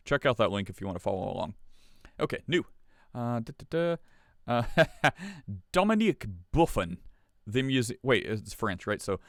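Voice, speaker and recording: A man's voice: fairly low pitch, a bit bright, dry recording, studio quality. A man hosting a podcast in casual chat, sarcastic and laughing often as he reads stories aloud. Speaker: podcast host.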